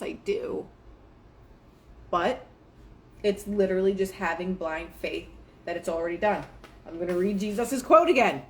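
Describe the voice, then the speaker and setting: Brief: young woman, casual host, chatty with many fillers, mid-pitched voice, motivational talk. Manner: chatty, filler-heavy, quotes herself and others in lively asides. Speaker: manifestation show host.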